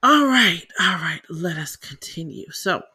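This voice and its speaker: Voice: mid-range voice, lively intonation, unhurried, pushed and bright, husky. A host from South Carolina with a Southern accent, chatting casually and laughing often while explaining business money matters to listeners. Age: adult parent. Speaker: podcast host. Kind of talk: casual teaching talk on small business finances.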